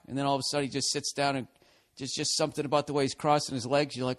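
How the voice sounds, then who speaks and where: A man's voice: medium pitch, little pitch movement, racing. A man, a podcast host, reading out a listener email and answering it with rambling, profane sarcasm.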